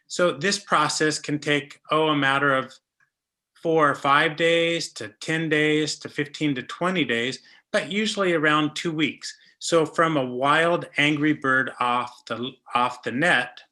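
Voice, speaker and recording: A man's voice: on the high side, unhurried, pushed and bright. A man giving a casual, jokey talk about falconry with slides, telling small stories as he goes. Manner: chatty, jokey, storytelling.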